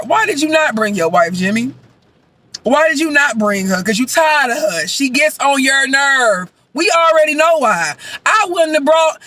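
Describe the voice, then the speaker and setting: High, bright-voiced sassy male vlogger. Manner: animated, sassy, with loud outbursts. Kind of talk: casual review chat while eating.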